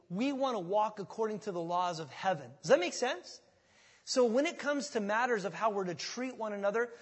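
A man's voice: high voice, breathy edge, in a large hall. A man preaching a sermon as a pastor, talking in a conversational way and often asking the congregation questions.

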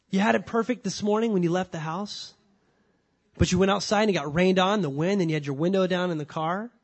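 A man's voice: sits high, slightly rough. A man preaching a sermon as pastor, emphatic and repeating his key points while asking the audience rhetorical questions.

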